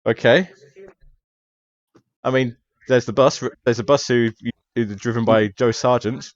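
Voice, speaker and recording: A man's voice: medium pitch, steady tone, a little slow, muffled recording. A man running a tabletop mystery game as game master, narrating hesitantly with many fillers.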